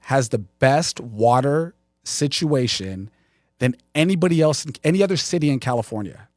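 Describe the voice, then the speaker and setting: A man co-hosting a live show, telling stories in a casual, animated way and acting out what others said. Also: mid-range voice, normal speed, no echo, studio quality. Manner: animated storyteller, quotes others. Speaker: co-host. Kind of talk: casual chat.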